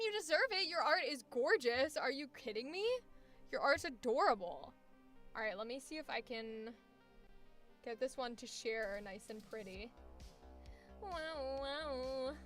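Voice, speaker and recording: On a live stream with faint music behind her, a woman voice actor runs a coaching session in a casual, chatty way, swearing freely and laughing easily. Her high-pitched voice is bright and forceful.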